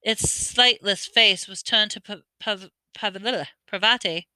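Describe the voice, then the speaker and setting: A woman reads a novel aloud in an amateur style, tripping over words and fixing them as she goes. Her voice is very bright and crisp, recorded dry and close with no room sound. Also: medium pitch, slow, no echo. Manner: stumbles and corrects words while reading. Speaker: audiobook reader.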